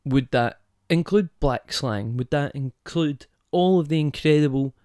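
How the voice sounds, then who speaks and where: This solo podcast host speaks on the high side, a little slowly, with a darkish tone, recorded dry in a clean studio. His casual monologue rambles off on tangents, punctuated by rhetorical questions for his listeners.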